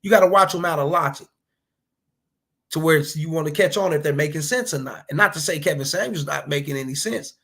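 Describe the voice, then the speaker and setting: A man with a slightly high, gravelly and husky voice, talking bluntly and profanely in a casual reaction commentary. He lectures his listeners with preachy, street-style advice. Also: fairly quick, fairly bright tone. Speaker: commentary vlogger.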